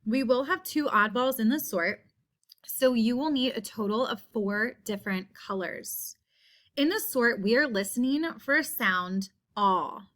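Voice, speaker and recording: Female teacher, slightly high, unhurried; walks young kids through word sounds one by one. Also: fairly bright tone. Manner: slow, drawn-out repeating of word sounds. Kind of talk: phonics lesson for young children.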